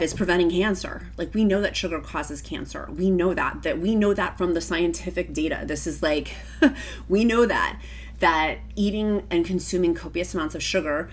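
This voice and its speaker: Emotional, gushing woman vlogger. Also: on the low side. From Virginia, United States. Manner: emotional and gushing, often near tears. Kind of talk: casual talk to camera.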